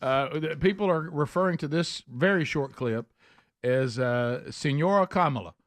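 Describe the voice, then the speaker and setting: Chatty radio host full of "uh"s. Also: male voice, on the high side, unhurried, dry recording. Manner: hesitant, full of "uh", drifting into teasing. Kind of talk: casual talk radio banter. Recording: dry close studio mic.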